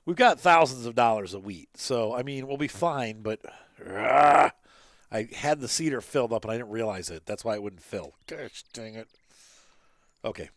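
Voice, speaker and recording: A man's voice: mid-range voice, animated, normal speed, a bit bright, no room sound. Rambling man, dry close game commentary. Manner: rambling, chatty, many fillers and restarts. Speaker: gaming channel host. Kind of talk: casual let's-play commentary with storytelling.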